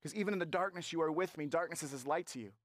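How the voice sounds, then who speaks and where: Male pastor, sermon delivery, slightly raised pitch, dry room, slow emphatic stresses. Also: a bit bright, no room sound. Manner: emphatic preaching with slow stressed phrases and acted-out quotes.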